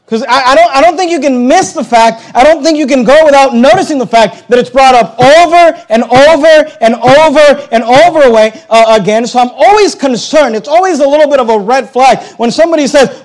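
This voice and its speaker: A man's voice: extremely high pitch, normal speed, rough recording. A man preaching a sermon as a pastor, hammering points home with emphatic repetition.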